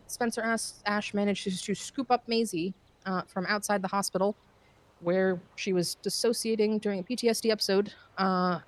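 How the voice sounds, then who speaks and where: A woman at a medium pitch, giving a long, casual recap during a roleplay game. She rambles and restarts her sentences, dropping in swear words and plenty of "uh" and "um".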